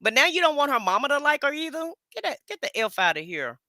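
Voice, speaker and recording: Man hosting commentary, bright and teasing, dry mic. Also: very high-pitched, sing-song, fast, dry recording. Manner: mocking, playful. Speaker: commentary host. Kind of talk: casual commentary.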